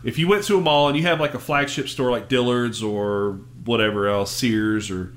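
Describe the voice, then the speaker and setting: A man chatting casually as a podcast host, retelling a cartoon episode with animated storytelling. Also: mid-range voice, moderate pace. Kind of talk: casual chat.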